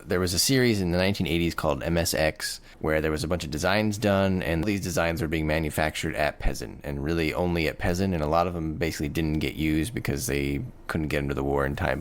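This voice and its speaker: A man co-hosting a casual podcast, recapping the story in an enthusiastic, rambling way and laughing often. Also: very deep voice. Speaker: podcast co-host.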